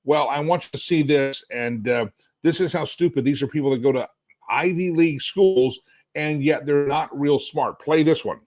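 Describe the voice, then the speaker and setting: A middle-aged man hosts a live political commentary stream from a hotel suite, sounding sarcastic and animated and often stumbling over his restarts. His voice sits a bit high for a man. The sound is dry and close, with no room echo. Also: moderate pace. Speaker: talk show host.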